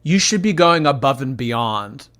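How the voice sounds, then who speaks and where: Male commentary host, bright forward tone, sarcastic and blunt delivery. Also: mid-range voice, animated, measured pace. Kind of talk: casual reaction commentary.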